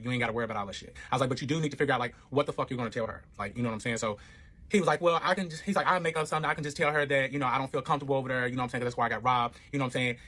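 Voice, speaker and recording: A man's voice: medium pitch, fairly bright tone. A man telling his own relationship story in a casual storytime, profane and rambling, with lots of filler and quoted back-and-forth.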